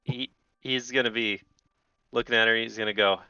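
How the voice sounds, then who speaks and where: A male game master narrates a tabletop game in a relaxed, slightly hesitant way. His voice is low but bright and smooth. The dry, slightly dull microphone sound gives it a lo-fi feel. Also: moderate pace, no room sound.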